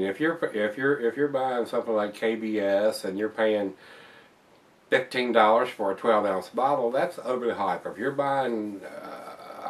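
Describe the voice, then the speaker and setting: A man's voice: on the low side, recorded from a distance. A man casually reviewing a beer for viewers, rambling and repeating words as he talks.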